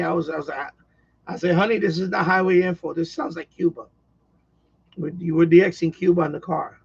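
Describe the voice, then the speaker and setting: A man's voice: fairly high pitch, gravelly, slightly rough, highs cut off. A man chatting casually on a live stream at home, rambling and repeating himself with lots of fillers. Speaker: radio hobbyist live streamer. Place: at home, quiet house.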